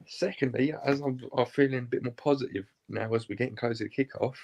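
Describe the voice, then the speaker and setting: A man on a football chat panel, jokey and hesitant, thinking his predictions through out loud. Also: mid-range voice, fairly even intonation, fast talker, gravelly. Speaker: regular panelist.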